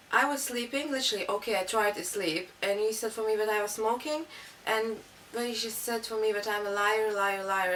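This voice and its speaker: A young woman being interviewed tells a story in a rambling, casual way, packed with fillers. Her voice is mid-range and a bit bright. The mic is distant, with faint room noise.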